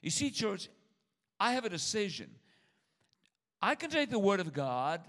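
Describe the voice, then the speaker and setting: A man's voice: high-pitched, sing-song, measured pace, pauses often, fairly bright tone. An older man preaching a sermon to his church, humorous and repetitive, with stammered restarts. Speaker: pastor.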